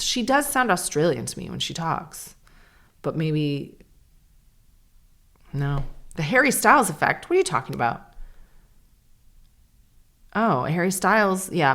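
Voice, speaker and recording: A woman's voice: sits low, big pitch swings, normal speed, creaky, long pauses, fairly bright tone. A woman in her forties hosting a solo podcast, candid and chatty with sarcastic asides. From Canada. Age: 40s. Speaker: podcast host. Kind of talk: casual solo podcast chat.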